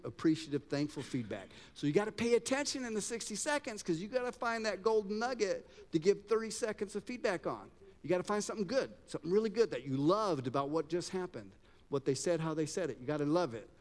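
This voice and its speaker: A man running a live audience exercise at a talk, joking and directing people as he goes. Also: a little high. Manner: energetic, joking, directs the crowd. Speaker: workshop speaker. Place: event hall with live audience. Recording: long hall reverb.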